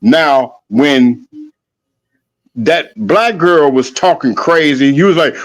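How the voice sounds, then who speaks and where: A man's voice: mid-range voice, expressive, a little slow. A man co-hosting a podcast, arguing his point in a heated casual debate and pressing it again and again. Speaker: podcast co-host.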